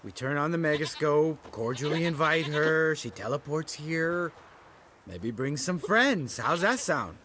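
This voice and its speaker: A man's voice: on the high side, lively intonation, unhurried, pushed and bright, a little hiss or hum. A brash, drunk mocking witcher. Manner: mocking, quarrelsome, slurred. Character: brash sarcastic male witcher, drunk and taunting.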